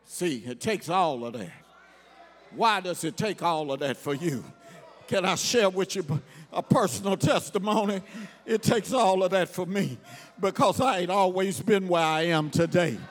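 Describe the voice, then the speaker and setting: A male pastor delivering a sermon in a call-and-response style, shouting his points to the congregation and then dropping to quiet storytelling. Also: high-pitched, unhurried. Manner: drops to quiet storytelling between outbursts.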